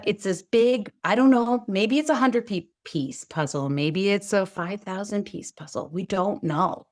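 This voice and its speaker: A middle-aged woman talks casually as a co-host, with an expressive, animated delivery. She slips into her own quoted words with sudden leaps upward in pitch. Her voice sits at an ordinary middle pitch for a woman. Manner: expressive, acts out quotes with big pitch jumps. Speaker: podcast co-host. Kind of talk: casual chat.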